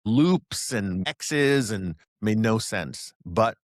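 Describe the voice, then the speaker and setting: A man's voice: on the low side, extremely slow, dry recording, clean studio sound. A man, a guest psychic channeler, telling stories in a casual interview and acting out the voices he quotes. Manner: animated storyteller who acts out quoted voices.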